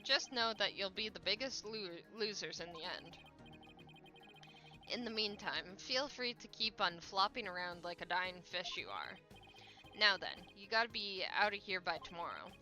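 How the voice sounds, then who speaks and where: A sleazy, gloating male TV producer, put on by a woman reading game lines mocks his rivals in slangy, needling phrases. The voice is bright and forceful. Faint music sits underneath. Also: mid-range voice, animated, normal speed. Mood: taunting. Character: smug, mocking male TV producer. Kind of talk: voicing game dialogue.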